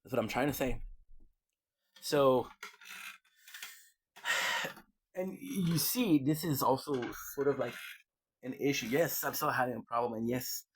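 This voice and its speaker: A man's voice: mid-range voice, takes it slowly, pauses often, slight background noise. A man vlogging in a casual, rambling way, often restarting and repeating words. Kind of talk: casual rambling livestream talk.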